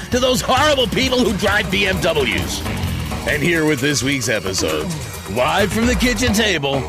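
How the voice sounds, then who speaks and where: A man announcing a podcast's scripted intro in a playful, tongue-in-cheek way. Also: a little high. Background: music.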